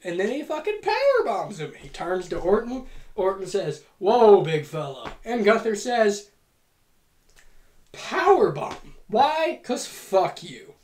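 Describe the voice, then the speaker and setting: Profane, excitable woman in a roomy echo. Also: medium pitch. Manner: profane, excitable, rapid-fire comic storytelling. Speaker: host. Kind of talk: comedic fantasy wrestling booking monologue.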